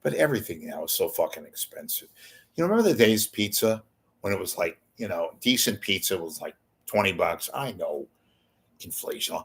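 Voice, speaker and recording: Gravelly low-voiced man rambling profanely. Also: big pitch swings, normal speed, fairly bright tone. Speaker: show host. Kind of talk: casual livestream monologue.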